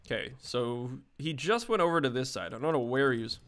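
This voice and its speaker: A man giving chatty live commentary on his own gameplay, excitable and quick to swear at teammates. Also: mid-range voice, smooth. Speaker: gaming streamer.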